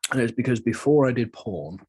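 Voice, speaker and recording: A man hosting a podcast, chatting casually in a self-mocking, animated way. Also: mid-range voice, fairly quick, breathy edge. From Britain. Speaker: podcast host.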